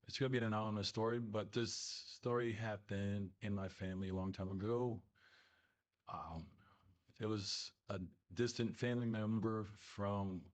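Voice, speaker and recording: A man casually telling a family ghost story in a rambling, halting way full of fillers. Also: on the low side. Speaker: listener telling a submitted story.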